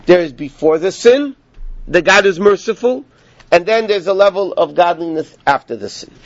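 A man teaching a Torah class, telling stories with animated emphasis and peppering his talk with Hebrew learning terms. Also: a little high, muffled recording. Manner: animated storytelling, rising with emphasis, Yiddish-inflected learning terms. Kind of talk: Torah lecture.

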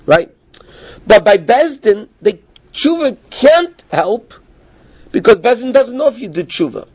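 A high-voiced, husky man explains Talmud with animated delivery and acts out the voices of the people he quotes. The recording is dull and lo-fi. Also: unhurried. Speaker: Torah teacher.

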